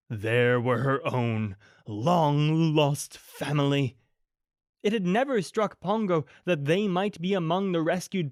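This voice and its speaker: Expressive man reading a bedtime story. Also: a little high, dry recording, studio quality. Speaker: audiobook narrator.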